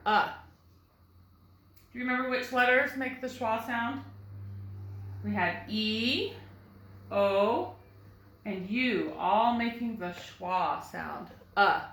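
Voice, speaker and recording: A woman's voice: fairly high pitch, a bit bright, reverberant, poor audio. A first grade teacher, a woman, giving a recorded phonics lesson, patiently sounding out words for young children.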